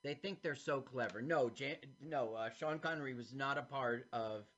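A man co-hosting a podcast, casually commenting on an animated film as it plays, animated and chatty. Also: mid-range voice, moderate pace. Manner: animated, talks over the film. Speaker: podcast co-host. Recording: dull lo-fi sound.

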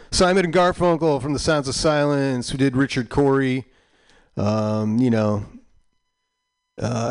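An older man in his sixties, playing records on a community radio show. He talks loosely and meanders between thoughts, often trailing off mid-sentence. His voice sits at an everyday middle pitch. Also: creaky. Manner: rambling and halting, drifting between thoughts. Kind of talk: casual on-air chat between records.

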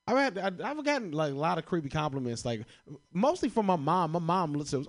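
A man's voice: fairly high pitch, very animated, normal speed, long pauses. A young man from Chicago doing stand-up comedy, swearing often and laughing at his own jokes. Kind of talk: stand-up comedy answering prompts.

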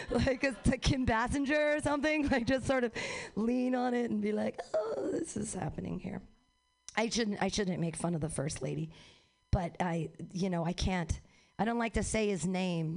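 A young woman doing a stand-up comedy set, rambling and profane, with quick self-mocking asides. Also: mid-range voice.

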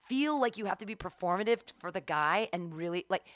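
A woman's voice: fairly low pitch, animated, brisk, a bit bright, no room sound, studio quality. A woman around fifty co-hosting a talk show, ranting frankly and profanely in casual chat. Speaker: podcast co-host.

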